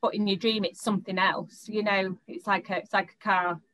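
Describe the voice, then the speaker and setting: A young woman with a mid-pitched, somewhat bright voice recounts her own experiences to an interviewer. She speaks in halting bursts with fairly even intonation, restarting sentences and repeating words as she collects her thoughts, and the audio is poor.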